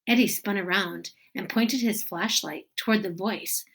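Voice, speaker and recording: Expressive woman reading a story aloud. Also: medium pitch, measured pace, slightly rough.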